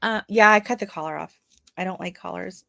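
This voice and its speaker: Woman, livestream host, chatty, laughs a lot, reads out chat, bright forceful voice, dry close sound. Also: fairly low pitch, a little fast, creaky, no echo. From Canada. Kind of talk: casual livestream chat with viewers.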